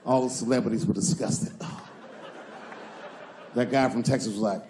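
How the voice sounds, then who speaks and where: A man telling a comic anecdote in a laughing, animated way. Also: mid-range voice, normal speed. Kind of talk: comic storytelling. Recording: echoey, noisy and distant.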